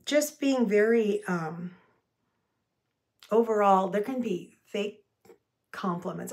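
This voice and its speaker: Woman communication coach, earnest teaching delivery, gravelly tone, mid pitch. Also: slow, pauses often, a little mellow. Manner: earnest, gives acted-out example phrases. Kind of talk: spoken teaching to camera.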